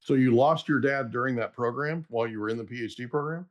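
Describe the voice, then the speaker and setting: A man's voice: medium pitch, fast talker. A man hosting a casual podcast interview, speaking in an enthusiastic, affirming way. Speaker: podcast host.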